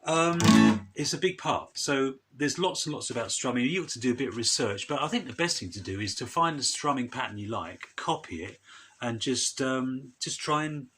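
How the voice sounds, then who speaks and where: A man giving a casual, chatty guitar lesson in a relaxed way, with loose restarts and asides. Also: mid-range voice, moderate pace, husky. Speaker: guitar teacher. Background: guitar strumming loudly.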